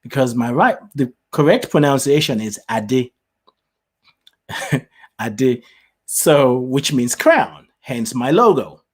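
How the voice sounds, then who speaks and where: Male host, mixed British/Nigerian/Southern US accent, animated casual monologue with frequent laughs. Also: a little slow, slightly rough. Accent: mix of British, Nigerian and Southern US. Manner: animated, chatty, laughs often, big pitch swings. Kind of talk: casual live-show monologue.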